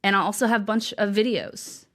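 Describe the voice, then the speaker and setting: An earnest woman speaks as an interview guest and author, telling a personal story. Her delivery is halting and emotional, with frequent restarts. Her voice sits at an ordinary middle pitch.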